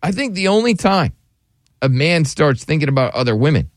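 A man's voice: a little high, a little fast, no echo, clean studio sound. A man hosting a talk show, joking and telling stories in casual banter. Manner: joking, animated storytelling. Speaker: radio show host.

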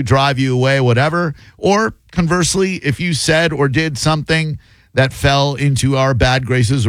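A man's voice: medium pitch, dry recording. A man hosting a radio show, sarcastic and rambling in playful studio banter. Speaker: radio host.

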